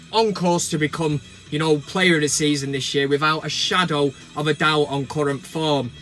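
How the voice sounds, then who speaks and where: A man's voice: very high-pitched, pushed and bright. A man hosting a football fan video, ranting and mocking players and pundits. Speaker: football vlogger.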